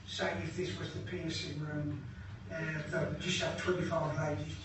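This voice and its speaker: An older man guiding visitors around a museum, explaining in a halting way with hesitations and dry jokes. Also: fairly high pitch, level tone. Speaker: museum guide. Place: museum indoors. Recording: very echoey room from far off, background noise.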